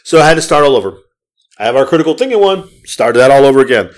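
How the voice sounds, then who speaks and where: A man's voice: medium pitch, big pitch swings, racing. A man co-hosting a podcast in casual chat, ranting with heavy profanity. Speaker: podcast co-host.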